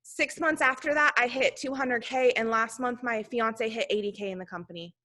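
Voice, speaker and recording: A woman's voice: on the high side, moderate pace, pushed and bright. A woman leading her sales team, giving a talkative motivational talk full of "like" and loose asides. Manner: talkative, chatty, heavy use of "like".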